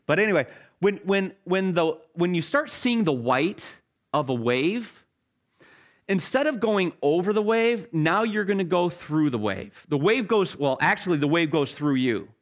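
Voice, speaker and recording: Male pastor, sermon, lively storytelling, lots of restarts, fairly high voice. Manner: animated storytelling with halting restarts.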